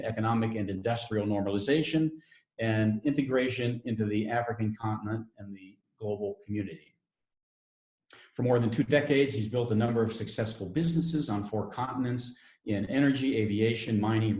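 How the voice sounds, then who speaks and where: A man introducing the panelists at an online event, reading their backgrounds in a steady listing manner. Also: mid-range voice, roomy sound. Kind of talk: read introduction. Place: online video call.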